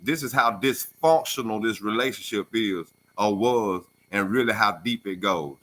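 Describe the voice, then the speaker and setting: A man's voice: lowish voice, moderate pace, bright, forceful tone. A man on a call-in radio show telling a story emphatically and with animation. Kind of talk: opinionated radio talk.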